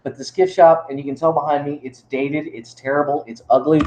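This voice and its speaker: A man's voice: a little high, fairly even intonation, brisk, darkish tone. A man with a Texan accent, a YouTuber chatting to viewers in a rambling, enthusiastic way from an indoor gift shop. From Texas. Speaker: YouTuber and museum worker. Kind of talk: casual chat to viewers. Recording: echoey room.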